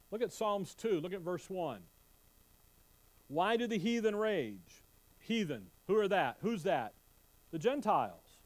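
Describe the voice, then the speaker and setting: Guy with a high voice preaching through bible verses, keeps asking the crowd questions. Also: a little slow, pauses often. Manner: animated, quizzing the congregation with questions; reads scripture aloud in King James wording. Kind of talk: expository Bible sermon.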